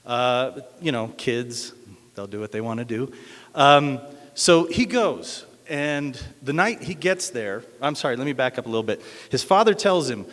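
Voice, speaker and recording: A man's voice: mid-range voice, lively intonation, unhurried, a bit bright. Hesitant man telling a story at an open mic. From Denver, USA. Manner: hesitant, many uhs. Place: cafe event room. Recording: echoey hall.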